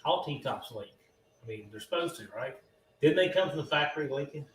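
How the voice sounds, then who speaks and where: A man's voice: a little high, animated, a little fast. A man in a casual live-stream chat making dry, sarcastic asides. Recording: echoey, distant, faint background noise.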